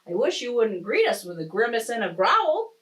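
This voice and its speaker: A woman voicing a gentle male jellyfish in a picture book, in a mildly pleading tone. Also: fairly high pitch, big pitch swings, moderate pace. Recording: distant mic.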